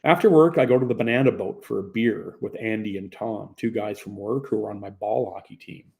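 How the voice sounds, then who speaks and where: A young man narrates a first-person audiobook in a plain, conversational way. His voice is gravelly and dark, with a mellow, relaxed tone. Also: on the low side, fairly quick.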